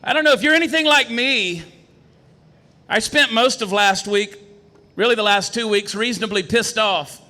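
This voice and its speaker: A man's voice: sits high, moderate pace, pushed and bright. A man, running for office, giving an emphatic, rousing campaign speech that repeats phrases for effect, at a brewery meeting. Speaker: political candidate. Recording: echoey hall.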